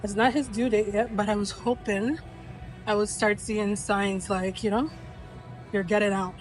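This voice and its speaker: A woman's voice: mid-range voice, steady tone, moderate pace, soft background music, poor audio. A young woman vlogging candidly at the gym, out of breath after a treadmill walk. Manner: candid, chatty. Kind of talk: casual vlog chat.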